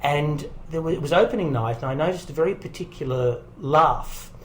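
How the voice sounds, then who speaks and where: Man telling lively stories. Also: fairly high pitch, fairly quick, slight background noise, rough recording. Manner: animated storyteller who quotes people in character. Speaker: guest voice actor and comedian. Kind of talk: casual interview anecdotes. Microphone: home recording setup.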